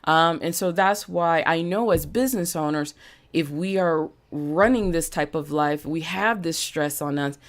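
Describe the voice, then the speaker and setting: A business coach who also hosts a podcast delivers a live-streamed motivational talk in a low, slightly slow voice. She is emphatic, repeating phrases for emphasis, and now and then she coughs.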